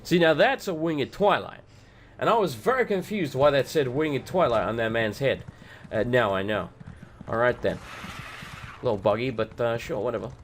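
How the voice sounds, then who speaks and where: A man's voice: mid-range voice, moderate pace. A man casually commenting on his gameplay as a let's play host, brash and profane, with a voice that keeps cracking. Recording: voice with game music behind.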